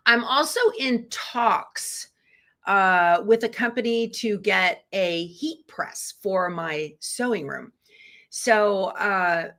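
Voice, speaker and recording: A woman's voice: lowish voice, fairly bright tone. A middle-aged woman hosts a quilting channel, chatting casually and folksily with her live-stream viewers and reading out their comments.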